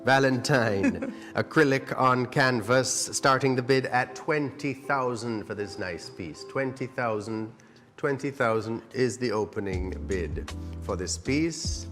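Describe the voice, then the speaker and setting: A man calls lots at a charity auction, upbeat and coaxing as he asks for bids. His voice carries a long hall reverb, with clear music playing behind him. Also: medium pitch, measured pace, fairly bright tone. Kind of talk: live charity auction calling.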